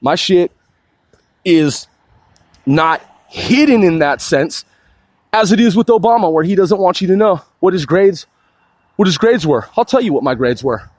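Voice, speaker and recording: Profane, ranting man with a high voice. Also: animated, a little slow, long pauses, dry recording. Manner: profane, combative and boastful; fills speech with "dude". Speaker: crowdfunding campaigner. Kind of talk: ranting monologue.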